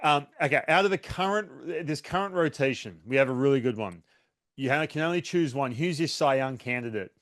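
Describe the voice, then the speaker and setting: A male podcast host firing off quick interview questions, laughing often and tripping over his words. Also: medium pitch, fairly bright tone. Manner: laughs often, stammering restarts, playful. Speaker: host, former pitcher. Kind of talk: rapid-fire interview questions.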